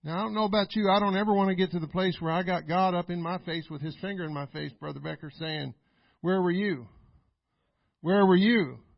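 A man pastor preaching a sermon, emphatic and repetitive, building to loud exclamations. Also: high-pitched, fairly even intonation, quick pace, gravelly, hardly any pauses, no echo. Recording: dull, dry lo-fi recording.

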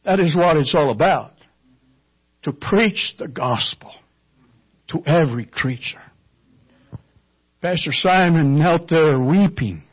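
A man's voice: fairly high pitch, lively intonation, slow pace, long pauses, husky, muffled recording. A man preaching a sermon and telling a mission story in a fervent storytelling manner, with some hesitant fillers. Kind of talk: sermon testimony.

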